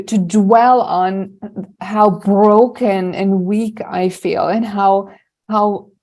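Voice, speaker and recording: A middle-aged woman coaching on anxiety, speaking in a lively, humorous way on a podcast. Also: medium pitch. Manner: lively, humorous, laughs while telling stories. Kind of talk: casual podcast conversation.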